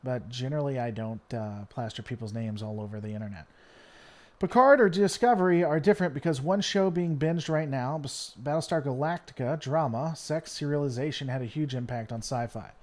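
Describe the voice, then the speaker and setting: A man's voice: medium pitch, fairly quick, a little mellow. A man from Tennessee with a faint Southern American twang, hosting a live stream and chatting casually as he reads and answers viewer comments, rambling with many fillers and restarts. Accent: mild Southern American twang at times.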